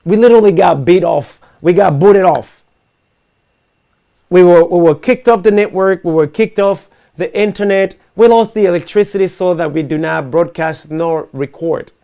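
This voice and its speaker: High-voiced earnest male talk host. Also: normal speed, gravelly, dark tone. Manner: earnest, emphatic, argues with rhetorical questions. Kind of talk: live online talk show monologue. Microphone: video call setup.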